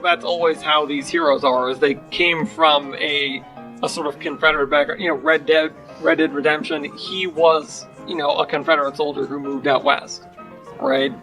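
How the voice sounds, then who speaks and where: A man's voice: a little high, lively intonation, moderate pace, vocal fry, bright, forceful tone, soft background music, low-quality recording. A man co-hosting a podcast, chatting casually and rambling with many hedges. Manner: rambling, hedging with fillers. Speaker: podcast co-host. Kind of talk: casual chat.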